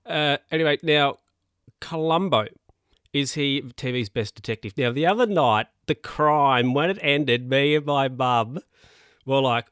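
A chatty man rambles through a casual spoken monologue and chuckles at his own tales. His voice sits at an ordinary middle pitch. It is recorded close and dry, with hardly any room sound. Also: unhurried, a bit bright, smooth, no echo.

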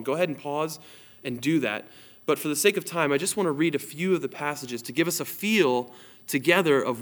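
A man's voice: mid-range voice, fairly bright tone. A man in his thirties preaching an online sermon as a pastor, telling a family story in an earnest way and reading scripture aloud.

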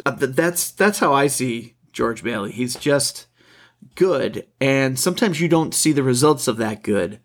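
A man co-hosting a casual film discussion, halting and restarting as he searches for his words. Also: medium pitch, animated. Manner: halting, repeats words while searching for thoughts. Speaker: podcast co-host.

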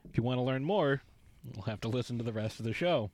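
A man's voice: mid-range voice, expressive, fast, darkish tone. A man co-hosting a podcast, talking in a playful, joking, rambling way. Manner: playful, jokey, rambling asides. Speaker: podcast co-host. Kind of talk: casual podcast banter.

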